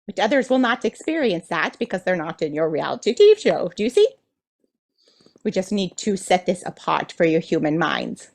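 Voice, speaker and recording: A woman's voice: fairly low pitch, sing-song, moderate pace. Playful woman channeling a collective voice. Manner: playful and enthusiastic, speaks as a collective "we"; teasing, checks in with "do you see?". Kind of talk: channeled spiritual message.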